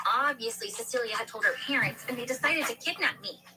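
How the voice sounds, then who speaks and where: A woman's voice: a little high, brisk. A woman narrating a first-person dramatic story in an earnest manner. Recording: noisy background hiss.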